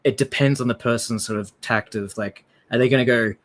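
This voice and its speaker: A man's voice: mid-range voice, steady tone, fairly quick. A man with an Australian accent in a casual discussion, talking loosely with many fillers and hedges. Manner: rambling, lots of fillers and hedges.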